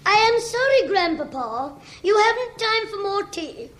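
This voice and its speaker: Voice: extremely high pitch, sing-song, normal speed, fairly bright tone, heavily acted. An actor playing a cheeky, back-chatting schoolboy in a 1960s radio sitcom. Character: cheeky cockney-free schoolboy, small, impudent.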